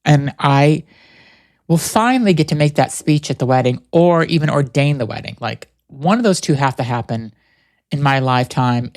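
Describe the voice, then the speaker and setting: A man's voice: mid-range voice, expressive, moderate pace, dry recording. A man hosting a podcast in a casual, rambling and playful way. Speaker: podcast host.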